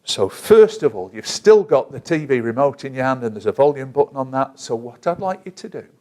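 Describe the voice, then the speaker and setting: A man with a voice of ordinary middle pitch talks a listener through a self-help technique. He stays gentle and measured, and he slows down to give each instruction. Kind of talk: calm guided instruction.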